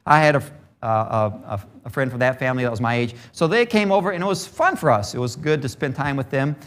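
A man's voice: mid-range voice, lively intonation, fast, fairly bright tone. A man preaching a sermon who grew up in Brazil, moving from a childhood story into emphatic teaching on scripture.

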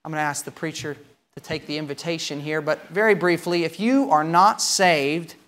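A man preaching a sermon, telling a story with emphatic swings between loud and quiet. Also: a little high, steady tone, normal speed.

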